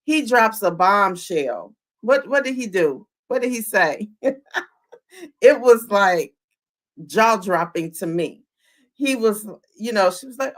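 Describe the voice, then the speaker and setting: A woman hosting a live-streamed recap, chatting straight to her viewers. Her pitch sits in an ordinary middle range, and she throws herself into retelling each scene. She keeps asking the chat what they think. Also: slow pace. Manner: animated, talks to the chat, acts out quotes. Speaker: podcast host.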